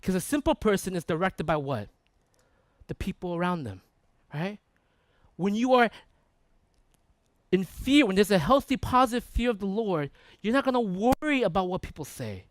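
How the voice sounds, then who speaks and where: A man preaching a sermon in a conversational, animated way, often checking in with the congregation. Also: high voice, moderate pace, long pauses, dry recording. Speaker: pastor. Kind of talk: sermon with storytelling.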